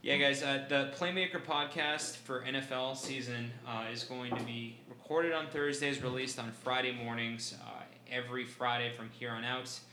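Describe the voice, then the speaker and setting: A man's voice: medium pitch, steady tone, moderate pace, few pauses. A man guest talking fantasy sports picks in casual chat, laughing often. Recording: roomy echo, faint background noise.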